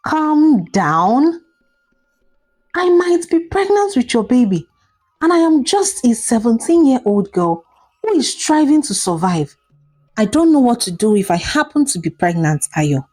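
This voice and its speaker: A woman's voice: a little high, big pitch swings, slow, a little mellow, faint music behind, voice pushed up, heavily acted. A woman voicing a frightened seventeen-year-old girl who pleads in panic. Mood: panicked, angry. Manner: pleading, rising and breaking with panic.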